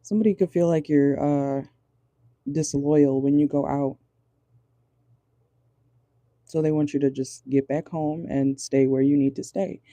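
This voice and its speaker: Sitting in a car, a tarot reader speaks casually in a very dark, mellow, mid-range voice, occasionally cursing and letting out nervous laughs. Intonation stays fairly even and the pace measured, with frequent stops while channeling. The audio is close and dry, free of room echo.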